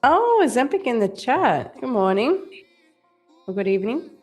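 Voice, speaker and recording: A woman's voice: on the high side, big pitch swings, normal speed, a little mellow. A woman co-hosting a live trading stream who chats casually and reads out viewer messages. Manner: chatty, reads out chat messages. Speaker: trading show co-host. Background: faint music.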